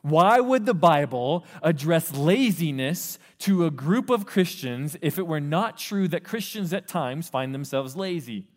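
Animated man preaching in an echoing hall. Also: fairly high pitch, measured pace, hardly any pauses. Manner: animated, acts out quoted voices of parents and teens. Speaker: youth pastor. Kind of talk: sermon. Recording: long reverb of a hall.

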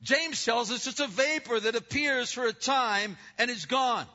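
An older male pastor delivers an emphatic sermon, his high, bright voice rising to loud declarations and falling to hushed asides. The recording is dull and lo-fi, with a long reverb trailing through a large church hall. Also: a little slow.

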